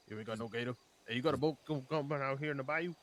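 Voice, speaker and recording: A man's voice: medium pitch, fairly bright tone, natural voice. A man voicing a folksy Cajun swamp man with a put-on drawl and broken grammar, in a role-play game.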